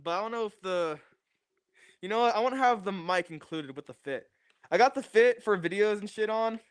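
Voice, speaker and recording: A young man with a high, clear, resonant voice chats casually on a livestream from his home garage. While installing a new desk microphone, he restlessly repeats phrases, and the recording is dry and studio quality.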